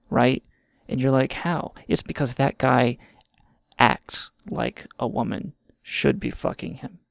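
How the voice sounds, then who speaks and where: A man's voice: mid-range voice, gravelly, a little mellow, no room sound, studio quality. A man hosting a show, ranting in a rambling, sarcastic and profane way. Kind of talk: casual comedic rant.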